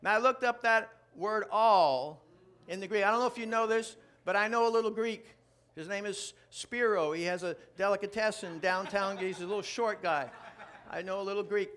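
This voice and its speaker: A man preaching a sermon to a live congregation, joking and building to loud, animated outbursts. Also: high-pitched, normal speed. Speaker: pastor. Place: church before a live congregation.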